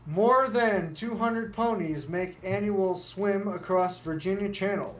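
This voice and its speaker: A man's voice: sits high, unhurried, soft background music. A man reading out quirky news stories on a casual show, stumbling and joking along the way. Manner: reads articles, stumbles and restarts, jokey asides. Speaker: news segment reader. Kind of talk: casual news read on a podcast.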